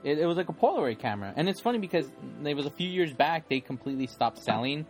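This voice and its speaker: A man with a somewhat high voice co-hosts a casual podcast. He chimes in quickly and laughs along. Faint music plays behind him. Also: very animated. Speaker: podcast co-host. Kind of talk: casual chat.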